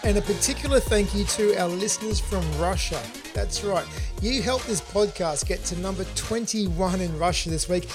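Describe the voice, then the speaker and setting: A man's voice: sits high, normal speed, over music. Upbeat Australian man hosting a podcast. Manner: upbeat, encouraging, asks listeners questions. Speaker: podcast host. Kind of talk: solo self-help podcast.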